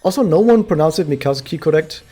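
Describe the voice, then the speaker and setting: A man's voice: a little high, expressive, fast talker, mellow, slightly rough, faint music behind. A man from Germany, a native German speaker, chatting casually and rambling a bit while he streams a game. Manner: chatty, rambling, self-correcting. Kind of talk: casual live-stream commentary.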